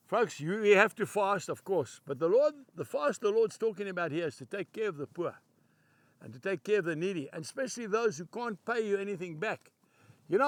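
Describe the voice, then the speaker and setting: A man preaching a devotional sermon, emphatic and slowing down to read scripture aloud. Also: high-pitched, fairly bright tone, no echo.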